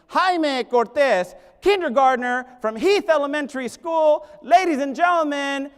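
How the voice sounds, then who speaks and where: A man putting on the voice of a showy male stadium announcer, with long drawn-out calls. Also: high-pitched. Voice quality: drawn-out ringing announcer delivery. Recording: echoing hall reverb.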